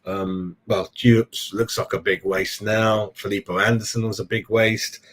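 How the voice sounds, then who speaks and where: A man's voice: lowish voice, level tone, measured pace, fairly bright tone. A middle-aged man chatting casually on a live fan stream, calling everyone "mate" as he goes. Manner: chatty, says "mate" a lot. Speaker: fan channel host.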